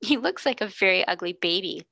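A woman voicing a kind, gentle young girl who speaks softly and earnestly, often near a whisper. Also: mid-range voice, expressive, brisk, creaky, no echo, full character voice. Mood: tender.

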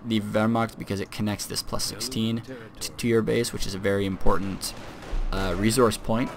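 Low-voiced man casually commentating a game. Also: noisy background. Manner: casual, self-deprecating, with frequent fillers and restarts. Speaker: strategy video commentator.

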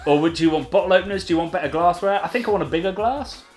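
A man in his thirties co-hosting a casual chat, talking quickly and enthusiastically. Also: high voice, soft background music. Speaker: co-host of a beer channel.

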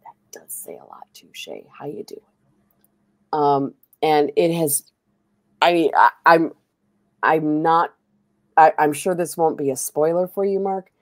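A woman's voice: deep voice, measured pace, long pauses, no echo. A woman hosting a stream, telling a long story in a chatty, rambling way full of fillers. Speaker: streamer host. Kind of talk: casual chat while playing a game.

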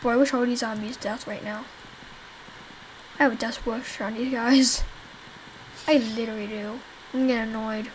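A woman's voice: a little high, steady tone, normal speed, long pauses, a little hiss or hum, low-quality recording. Rambling young woman narrating her game. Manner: rambling, swears, talks to viewers while playing. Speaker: game developer playing her own game. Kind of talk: casual gameplay commentary.

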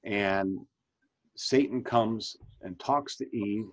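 Man, pastor, fifties, husky voice, muffled lo-fi call audio, chatty questioning manner. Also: on the low side, slow pace. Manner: conversational, asks questions, frequent restarts. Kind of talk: leading a Bible study discussion. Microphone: video call. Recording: dull lo-fi video call audio.

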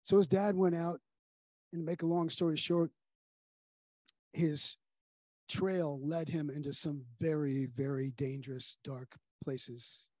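Guy pastor telling a sermon story, kinda high husky voice, dry sound, goes real quiet on the heavy parts. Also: steady tone, slow pace, long pauses, dry recording. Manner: earnest storyteller, drops to soft hushed tones at grave moments. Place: church sanctuary.

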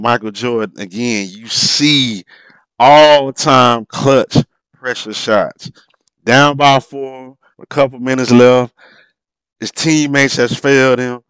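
A man's voice: mid-range voice, fairly bright tone, smooth, dry recording. A man commenting on old basketball game footage, talking informally with frequent exclamations and laughs at mistakes. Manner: informal, drops verb endings. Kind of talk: excited play-by-play commentary over a replay.

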